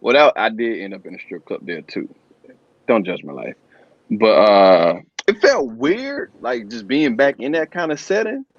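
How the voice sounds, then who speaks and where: A comedian guest in a casual chat, telling relaxed, rambling travel anecdotes. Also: male voice, mid-range voice, normal speed, no echo. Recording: dull, dry lo-fi sound.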